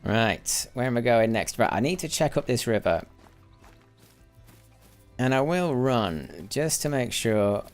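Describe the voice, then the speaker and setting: A man with a gravelly, lively voice talks through a live game stream in a loose, rambling way. He restarts his sentences often and drops into quiet muttering, with faint music behind him. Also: medium pitch, unhurried, pauses often. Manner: rambling, self-correcting, mutters while counting. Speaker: gaming livestreamer. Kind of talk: casual live gameplay commentary.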